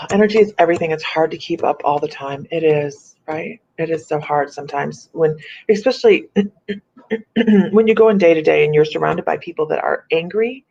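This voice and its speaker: A woman hosting a casual live-stream chat as a psychic medium, chatty and animated, laughing often. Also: low voice, moderate pace, creaky, slight background noise. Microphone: computer or phone on a live video stream. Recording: muffled lo-fi stream audio.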